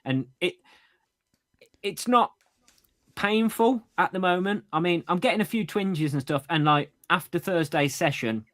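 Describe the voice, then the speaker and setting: A man's voice: sits high, a little slow, fairly bright tone. A man co-hosting a running podcast over a remote call, chatty and stumbling, laughing at his own slips. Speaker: podcast co-host. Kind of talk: casual chat. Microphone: AirPods.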